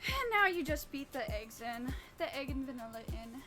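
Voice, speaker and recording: A woman's voice: high-pitched, very animated, moderate pace, over music. A woman streamer rambling casually and swearing freely while baking in her home kitchen. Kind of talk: casual live-stream chat.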